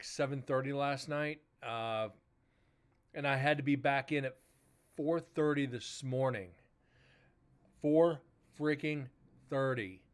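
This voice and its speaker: A tired man hosting a livestream, chatting casually to viewers and retelling a work dispute with filler words and swearing. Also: medium pitch. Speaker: livestream host. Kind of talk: casual chat to stream viewers.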